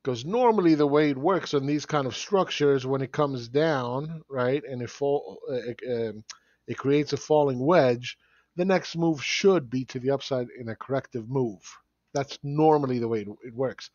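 A man's voice: medium pitch, moderate pace, darkish tone, dry recording, highs cut off. Blunt sarcastic man commenting on charts. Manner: blunt, sarcastic, chuckling often. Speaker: market analyst host.

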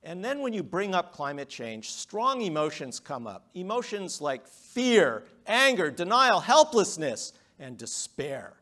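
A middle-aged man giving a public lecture, emphatic, with rhetorical questions and swings between loud and quiet. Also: high-pitched, sing-song, measured pace, hardly any pauses. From United States.

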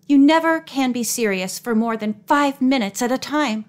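A woman's voice: sits high, normal speed, natural voice. A woman reading an audiobook, voicing a sensible, firm teenage girl. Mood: scolding. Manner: gently scolding.

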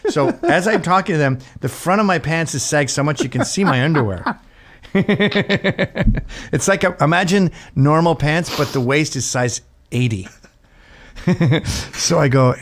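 A middle-aged man, the host, telling a comic story in a lively way, laughing often and mimicking others. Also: fairly high pitch, normal speed. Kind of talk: animated comedic storytelling.

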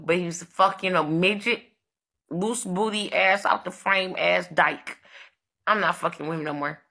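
A woman's voice: lowish voice, fairly even intonation, moderate pace, bright, forceful tone. A woman ranting on a live stream, brash and profane, taunting viewers and ordering her moderators around on a phone mic.

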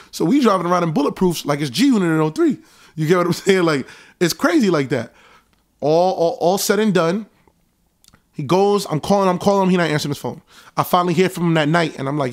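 High-voiced New man telling a story. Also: quick pace. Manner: animated, reenacts conversations in a raised voice. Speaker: show host recounting events. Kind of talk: casual storytelling monologue.

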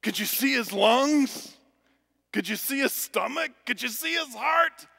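Give me a man playing an excited little boy with a high, bright, gravelly-edged voice, echoing in a church. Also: heavily acted. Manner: excited, rapid-fire questions. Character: eager young boy quizzing his dad. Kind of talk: sermon anecdote.

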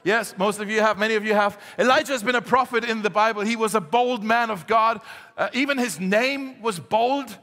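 A man preaching a sermon to a congregation, lively and joking, getting the crowd to join in. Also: sits high, a little fast, long reverb tail. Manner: lively, jokey, talks straight to the congregation. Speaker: pastor. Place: church hall.

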